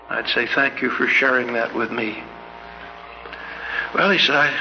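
A man's voice: medium pitch, moderate pace, vocal fry, long pauses, noisy background. An older man from Canada giving an anecdotal sermon as a church speaker, an earnest storyteller who asks many searching questions. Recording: dull lo-fi recording in a reverberant hall.

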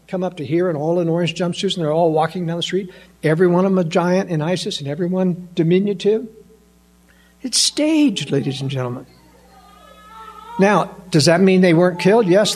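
Husky high-voiced man on a monologue. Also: darkish tone. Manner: emphatic, rhetorical questions, incredulous. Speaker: political commentator. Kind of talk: monologue to an audience.

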